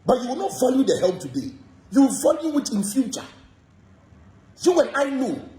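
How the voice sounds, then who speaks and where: A Ghanaian man talks fast and hot in an animated, repetitive rant about gossip. His voice sits high and leaps up and down from phrase to phrase. The room gives it a clear echo. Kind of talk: heated gossip monologue.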